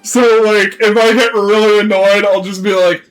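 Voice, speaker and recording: A man's voice: sits high, little pitch movement, normal speed, soft background music, poor audio. A young man streaming live, chatting casually, crude and laughing as he rambles. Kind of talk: casual livestream chat.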